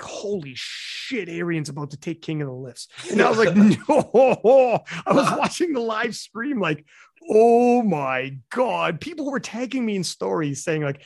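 A podcast host tells stories in a loose, casual chat, swearing a lot and acting out quotes with lively energy. His voice sits high and creaky, and the recording has clean studio quality with no room sound.

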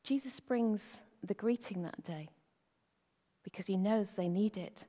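A woman's voice: mid-range voice, measured pace, dark tone. Woman preaching in a reverberant hall. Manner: conversational, asks rhetorical questions. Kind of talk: sermon.

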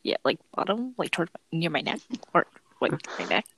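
Giggly, breathy young woman. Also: lowish voice, lively intonation, a little fast, fairly bright tone, poor audio. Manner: giggly, rambling with many fillers. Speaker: podcast co-host. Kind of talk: casual chat.

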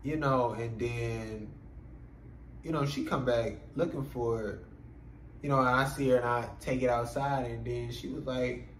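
Animated profane man in echoey room. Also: mid-range voice, measured pace, a little hiss or hum. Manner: animated and profane, many filler phrases, laughs while telling. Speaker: podcast host. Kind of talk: casual storytelling monologue.

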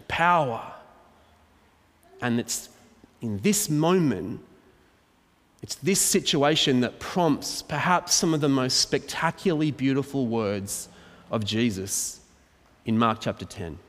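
Man, preacher, conversational sermon, mid pitch, long hall reverb. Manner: conversational, explains verse by verse, acts out quotes. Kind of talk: expository sermon.

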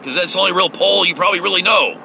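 A man's voice: sits high, racing, gravelly, pushed and bright, a little hiss or hum, poor audio. A man giving a heated, profane, sarcastic political rant, recorded in a car. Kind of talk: ranting political monologue.

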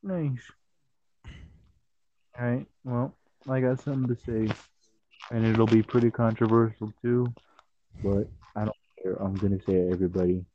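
A man's voice: on the low side, fairly even intonation, moderate pace, long pauses, slight background noise. A young man chatting on a podcast, joking and goofy, often saying "bruh". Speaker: podcast co-host. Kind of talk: casual chat. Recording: dull, muffled close mic.

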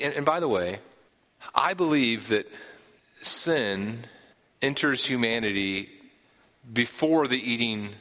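A man's voice: lowish voice, pushed and bright, big-room sound. A man preaching a sermon, explaining scripture earnestly and often repeating a word as he gathers his thought.

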